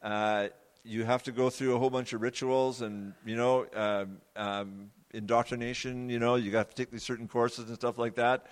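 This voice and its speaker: A man preaching a sermon as he tells his own story, earnest and confessional, often pausing and repeating words. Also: mid-range voice, flat delivery, big-room sound. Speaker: preacher giving his testimony. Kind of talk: sermon testimony.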